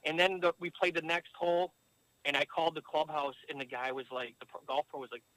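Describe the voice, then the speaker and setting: A man with a notably high speaking voice tells loose, rambling stories as a podcast guest. He swears freely and packs his talk with filler words. He is calling in remotely from a car. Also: little pitch movement, fast, fairly bright tone, low-quality recording. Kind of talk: casual storytelling. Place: driving in a car.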